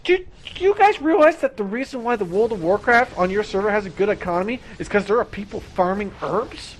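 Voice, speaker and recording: A young man streaming, ranting about games in an excitable, profane, fast-talking way. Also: sits high, slight background noise. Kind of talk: ranting gaming stream chat.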